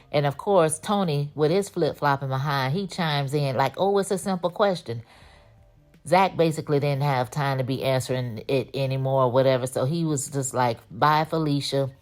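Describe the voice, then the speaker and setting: A woman hosting a casual TV episode recap, telling it in a slangy, conversational way and acting out the characters' lines with lively jumps in her voice. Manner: animated, acts out characters' lines with pitch jumps. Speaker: TV recap host.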